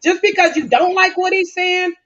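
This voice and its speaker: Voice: very high voice, normal speed, a bit bright, dull audio. A debate moderator firmly stopping interruptions. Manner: firm, stops interruptions.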